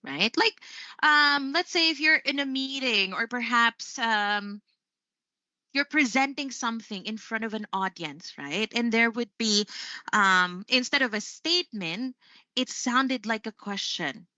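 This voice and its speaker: A woman's voice: fairly high pitch, expressive, measured pace, bright, forceful tone, no echo, muffled recording. A Filipino woman hosting a live English lesson, chatty, tagging "right?" onto most of her points. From Philippines.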